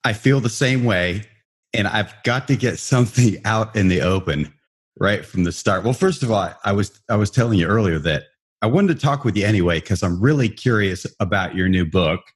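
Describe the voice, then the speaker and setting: A man hosting a podcast in a relaxed, rambling, self-deprecating way. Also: fairly low pitch, normal speed, husky. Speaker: podcast host. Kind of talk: casual podcast chat.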